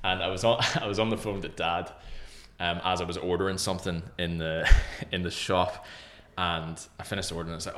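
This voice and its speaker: A young man with a fairly low voice chats as a podcast guest. He tells stories with energy and often slips into other people's voices to act out what they said. The delivery is loose and conversational. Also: a little fast. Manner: animated storyteller, often acting out other people's lines. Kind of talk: casual podcast chat.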